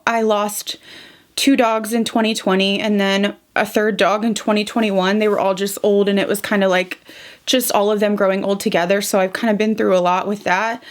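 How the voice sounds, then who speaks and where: Chatty young woman beauty vlogger. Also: mid-range voice. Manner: chatty, heartfelt, fillers like "like" and "um". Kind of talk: casual monthly favorites vlog.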